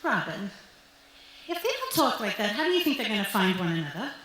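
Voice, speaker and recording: A woman voicing her blunt, worried middle-aged mother, who fires off sharp, deadpan quips on a stage with echoing sound. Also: mid-range voice, brisk, slight background noise. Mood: dry, skeptical. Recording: echoey club stage.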